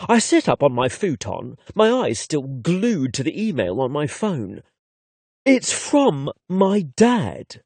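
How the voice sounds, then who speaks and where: A man's voice: medium pitch, sing-song, measured pace, creaky, darkish tone, husky, no room sound. Cheeky male narrator. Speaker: audiobook narrator. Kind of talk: first-person romance narration.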